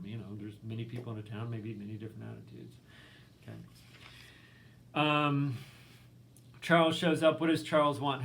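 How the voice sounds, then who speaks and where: A man's voice: mid-range voice, gravelly, slight background noise. A male literature professor giving a recorded lecture in a casual, conversational way, full of ums and likes, reading quotes aloud.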